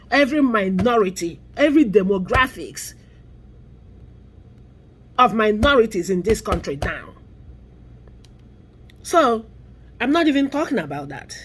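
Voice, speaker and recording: A woman's voice: fairly high pitch, slightly rough. A middle-aged woman with a Nigerian accent, speaking her mind in an impassioned vlog and leaning hard on key words. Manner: emphatic, drawn-out stresses on key words. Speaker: vlogger. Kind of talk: impassioned social commentary.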